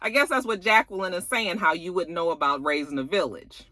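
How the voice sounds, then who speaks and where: A woman's voice: lowish voice, fairly quick, hardly any pauses, dry recording. A woman recapping a reality show in a chatty, colloquial, sassy way, acting out what people said. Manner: animated, acts out quotes dramatically. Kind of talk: casual recap vlog.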